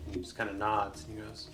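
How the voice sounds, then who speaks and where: Low-voiced man running a tabletop game. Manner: casual, loose, many fillers. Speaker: game master. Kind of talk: narrating a solo tabletop game. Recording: voice over loud background music. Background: music.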